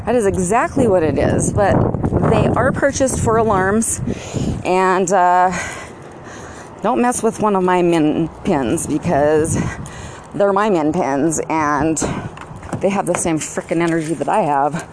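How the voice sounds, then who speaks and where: A woman talking to camera at home in a meandering way, with drawn-out words and many fillers. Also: lowish voice, noisy background. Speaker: vlogger. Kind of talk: rambling casual monologue. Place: at home, walking into her garage with dogs barking nearby.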